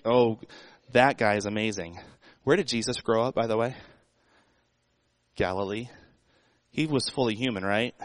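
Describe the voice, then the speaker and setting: Man, pastor, conversational sermon, rhetorical questions, mid-pitched voice, dry recording. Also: no echo, low-quality recording.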